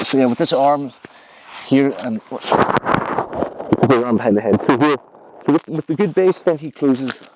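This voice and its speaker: On an indoor training mat, a man teaches a jiu-jitsu class, explaining moves while demonstrating them on a partner. His medium-pitched voice often repeats words, and the background is noisy.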